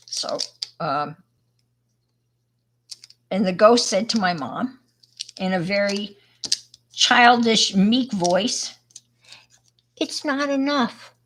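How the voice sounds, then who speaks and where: A woman's voice: medium pitch, slow pace, pauses often, a bit bright, slight background noise. A woman from Long Island, New York, presenting an art live stream. She tells a story and demonstrates casually, rambling and speaking to viewers as she works. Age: older.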